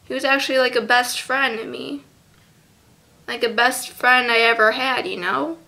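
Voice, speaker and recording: A teenage girl vlogging a tribute to a lost friend, halting and close to tears, with many fillers. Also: on the high side, steady tone. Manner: halting, soft, full of fillers. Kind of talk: tearful memorial vlog.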